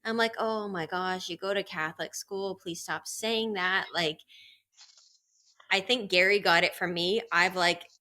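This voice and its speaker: A woman's voice: lowish voice, steady tone, a little slow, sharp tone. A woman co-hosting a podcast in casual chat, a parent in her thirties who tells funny stories and acts out the quotes. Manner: laughing storyteller, voices quotes. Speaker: podcast co-host.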